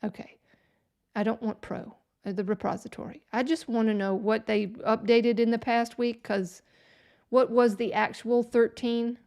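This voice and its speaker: Gravelly, sarcastic woman live-streaming. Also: fairly high pitch, fairly even intonation, normal speed, a little mellow. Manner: sarcastic, exasperated, talks to herself. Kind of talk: casual live stream chat.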